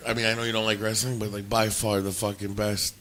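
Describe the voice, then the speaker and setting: A man co-hosting a casual podcast, brash, laughing loudly and swearing freely as he chats. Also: lowish voice, flat delivery, fast. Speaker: podcast co-host. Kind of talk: casual profane chat.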